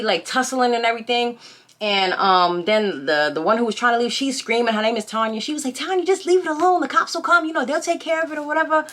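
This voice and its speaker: A woman vlogger talks to her viewers from home in a loose storytime chat. Her voice is bright and pointed. She retells the story with lively gossip and keeps asking her audience rhetorical questions. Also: mid-range voice. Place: home, by a window.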